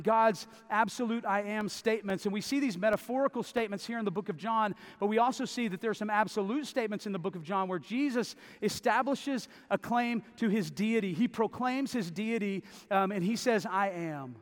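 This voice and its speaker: Emphatic male preacher in a big hall. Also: high-pitched. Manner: emphatic, repeats phrases for stress. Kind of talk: sermon. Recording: long reverb of a large hall.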